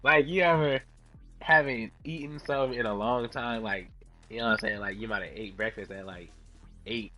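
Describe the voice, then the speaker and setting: A man streaming a fighting game, telling stories in a loud, profane, laughing way. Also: fairly low pitch, normal speed, soft background music. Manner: profane, laughing, animated storytelling. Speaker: gaming streamer. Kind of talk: casual commentary while playing.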